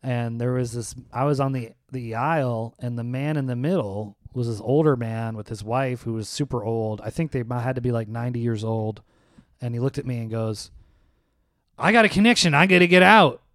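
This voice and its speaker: A man's voice: medium pitch, a little fast, no echo, studio quality. A man co-hosting a casual podcast, telling a rambling anecdote and acting out the people in it. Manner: rambling anecdotes with animated quoted voices. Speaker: podcast co-host. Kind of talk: casual chat, storytelling.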